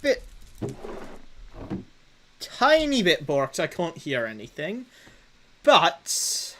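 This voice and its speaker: A man chatting casually on a live game stream, halting and self-mocking while he fumbles with his setup. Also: on the high side, wildly swooping pitch, pushed and bright, rough recording. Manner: halting, fumbling through tech setup with many restarts.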